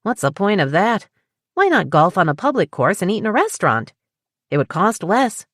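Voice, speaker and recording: A woman's voice: mid-range voice, sing-song, moderate pace, dry recording, clean studio sound, pitched above the performer's own voice. A woman voicing a thrifty middle-aged mother who questions every cost with disapproval. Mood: skeptical.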